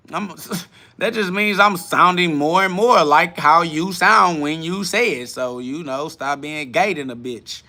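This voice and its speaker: A man's voice: fairly high pitch, unhurried, bright, forceful tone. A man hosting a live-streamed podcast from his home garage, answering chat in a brash, profane, confrontational way. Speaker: livestream podcast host.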